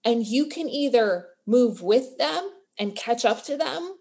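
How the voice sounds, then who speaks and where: A woman's voice: a little high, expressive, a little slow, darkish tone. A woman co-hosting a podcast, talking earnestly and encouragingly in casual chat. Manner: earnest, motivational, building to emotion. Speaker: podcast co-host.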